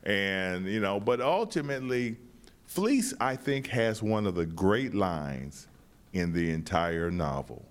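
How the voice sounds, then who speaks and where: A man with a lowish voice talks through his play in an interview. He starts sentences again and again and circles back before landing his point, thoughtful and unhurried. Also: lively intonation. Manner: halting, many repeated starts, thoughtful. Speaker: playwright and director. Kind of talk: interview answers.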